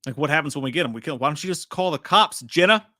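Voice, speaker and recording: A man's voice: on the high side, expressive, rapid-fire, pushed and bright, dry recording. A man hosting a live trailer breakdown, rambling casually, swearing freely and reading out chat comments. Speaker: live-stream host.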